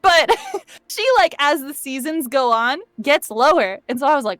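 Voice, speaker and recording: A woman voice actress chatting casually on a live stream, laughing often and getting animated as she talks about voice work. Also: normal speed, dry recording. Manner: laughs often, animated when describing pitch. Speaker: voice actress guest. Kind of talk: casual chat.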